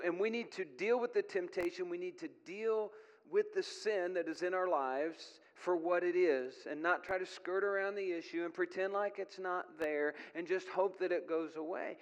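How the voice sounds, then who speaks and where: A man's voice: high voice, in a large hall. A middle-aged man preaching a sermon as a pastor, earnest with folksy asides.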